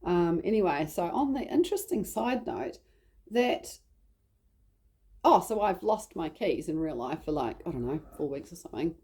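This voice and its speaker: A woman's voice: on the low side, animated, moderate pace, darkish tone, slightly rough. A woman with a New Zealand accent telling a personal story in a chatty, rambling way. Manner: chatty, rambling, heavy use of "like". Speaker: vlogger.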